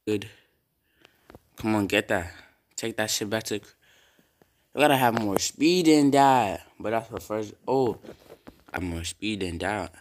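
A young man casually commenting on his own football video game, swearing and breaking into loud yells at big plays. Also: medium pitch, measured pace, pauses often. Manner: reactive, swears often, bursts into loud yells.

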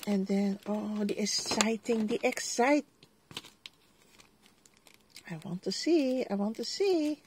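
A woman's voice: mid-range voice, takes it slowly, pauses often, darkish tone, slight background noise. A middle-aged Dutch woman with a Dutch accent, chatting casually to viewers as she unboxes a crafting haul at her desk and exclaims over each item. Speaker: vlogger.

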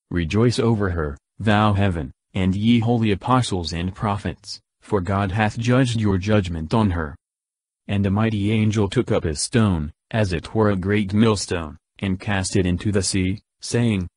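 A man with a somewhat low voice reads scripture aloud in a measured, solemn cadence. The recording is close and dry, with no echo around the voice. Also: darkish tone. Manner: slow, measured, solemn recitation. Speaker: Bible reader.

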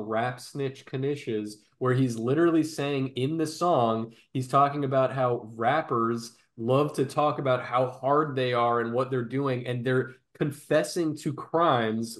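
A man hosting a podcast, telling long stories in a rambling way, with frequent restarts. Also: mid-range voice. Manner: rambling storyteller, restarts often. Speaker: podcast host. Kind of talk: casual podcast chat.

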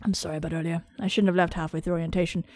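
Pompous young male dorm leader voiced by a woman, lowered and dry, for a dating game. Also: level tone, rapid-fire, a little mellow, no echo, natural voice. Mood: polite. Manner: smooth, formal and dry.

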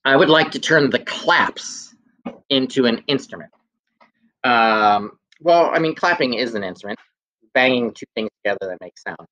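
A man's voice: medium pitch, lively intonation, moderate pace, pushed and bright, muffled recording. A young man teaching a children's music class over video, playful and sing-song as he gives clues and sings simple songs. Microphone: handheld phone camera.

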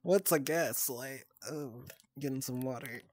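A man's voice: medium pitch, measured pace, a little mellow, slightly rough. A man livestreaming, chatting casually with his viewers, swearing often, laughing easily and getting flustered and teasing in turn. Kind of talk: casual stream chat with viewers.

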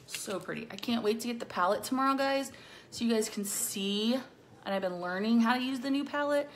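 A woman's voice: a little high, fairly quick, slight background noise. A middle-aged woman chatting casually through a makeup tutorial, bubbly and playful, with silly rhyming words. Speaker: makeup vlogger.

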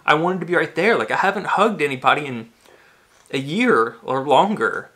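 A man's voice: fairly high pitch, expressive, normal speed, a bit bright. A man in his thirties, ranting in a rambling, agitated monologue full of swearing and fillers. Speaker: vlogger.

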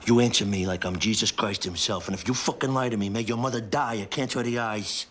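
A man's voice: lowish voice, fast, a bit bright, slight background noise, close to an everyday voice. A man playing a volatile mob boss. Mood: furious. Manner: explosive, profane, interrogating. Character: volatile middle-aged male mob boss. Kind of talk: TV crime drama acting.

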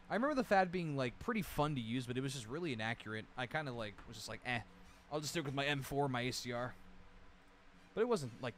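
A man's voice: medium pitch, a little hiss or hum. A man streaming a game, chatting casually as he reads through weapon lists, rambling and swearing now and then. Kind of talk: casual livestream commentary.

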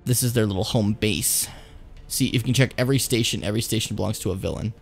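A man's voice: on the low side, fast talker, vocal fry, soft background music. A man coaching a video game player on a livestream, swearing casually, teasing, and laughing often.

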